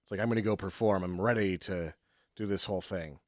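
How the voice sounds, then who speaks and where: A man's voice: low-pitched, fairly quick, dry recording, clean studio sound. A man co-hosting a casual comedy movie podcast, making wry jokes and laughing along. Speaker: podcast co-host.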